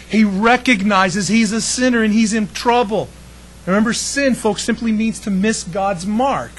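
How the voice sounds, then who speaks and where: A man preaching a sermon to a congregation, chatty and lively, throwing in jokes and questions to the room. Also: high voice, slight background noise, rough recording. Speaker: pastor.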